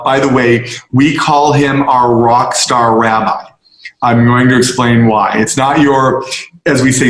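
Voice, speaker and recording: A man's voice: medium pitch, reverberant, rough recording. A man speaking as a guest to a group, telling an earnest, emphatic personal story and acting out the quotes. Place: on location with a tour group.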